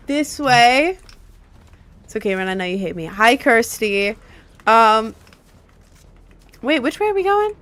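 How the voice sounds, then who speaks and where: A woman streaming live gameplay who comments excitedly and keeps repeating her exclamations. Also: a little high.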